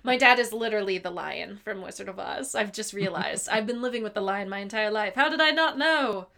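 Bright, giggly woman chatting. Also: mid-range voice, fairly quick, creaky. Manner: giggly, chatty, swears casually. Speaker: podcast co-host. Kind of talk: casual chat about a movie.

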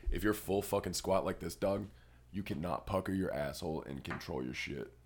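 A man's voice: sits low, normal speed. A young man on a podcast, rambling through a crude story in casual chat. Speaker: podcast co-host.

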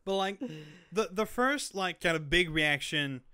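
Young male podcast co-host, bright and clear-voiced, rambling and excitable. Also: sits high, a little slow. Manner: excitable, rambling, many fillers. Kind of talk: casual chat.

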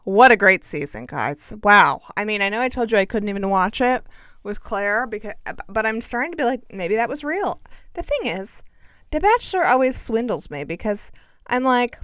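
A woman's voice: medium pitch, sing-song, moderate pace, fairly bright tone, clean tone, dry recording, clean studio sound. A woman hosting a podcast, talking in a chatty, sarcastic, self-deprecating way. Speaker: podcast host. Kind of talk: casual chat.

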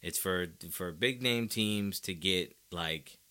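A man's voice: sits low, slow, pushed and bright, clear, resonant tone. A man hosting a sports podcast, giving emphatic, opinionated commentary straight to his listeners.

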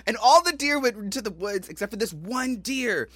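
Bright, lively guy telling stories. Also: extremely high pitch, moderate pace, dry recording. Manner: rambling, laughing, lots of fillers. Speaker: podcast co-host. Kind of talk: casual chat, storytelling.

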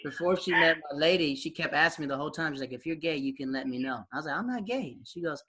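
A young man casually reminiscing with an old friend, animated, acting out quoted voices and laughing often. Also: on the high side, quick pace, noisy background. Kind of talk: casual storytelling chat.

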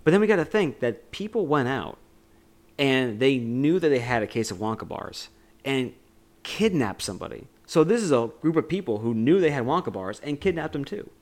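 A man's voice: medium pitch, sing-song, moderate pace, a little mellow. A man co-hosting a podcast, casually retelling a film scene with lots of "like" and "you know". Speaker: podcast co-host. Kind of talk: casual movie discussion.

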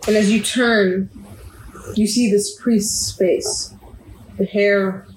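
Slow, vivid woman narrating a game. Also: mid-range voice, fairly even intonation, a little mellow. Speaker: game master. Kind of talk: narrating a tabletop game in second person. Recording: roomy echo, faint background noise.

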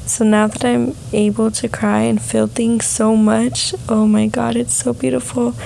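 A young woman vlogging a soft, heartfelt personal reflection on emotions. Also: a little high, little pitch movement, a little slow, creaky, a little hiss or hum, poor audio.

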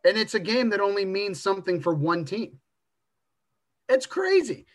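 A man with a slightly raised pitch chats about football on a casual podcast. He rambles and hedges, stumbling over his words as he builds his argument. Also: animated, normal speed. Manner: rambling, hedging with stammered restarts. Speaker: podcast co-host. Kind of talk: casual sports chat.

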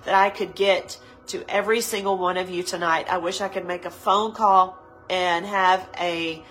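A woman pastor giving a live devotional sermon, earnest and pleading, repeating her phrases and slowing down to linger on words, teary-eyed. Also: on the low side, fairly even intonation, fairly bright tone, soft background music, low-quality recording.

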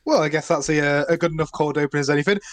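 A young man in his early twenties hosts a casual podcast, a little nervous and tripping over his words. His voice sits slightly high for a man. He laughs often between his lines. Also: rapid-fire, slight background noise. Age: young adult. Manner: nervous, stumbling, laughing a lot. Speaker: podcast host.

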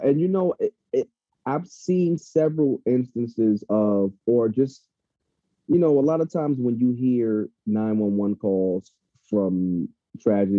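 A man's voice: on the low side, dark tone, no echo. A man talking casually and heatedly, swearing freely, as a podcast co-host. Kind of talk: casual chat. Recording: dull lo-fi sound.

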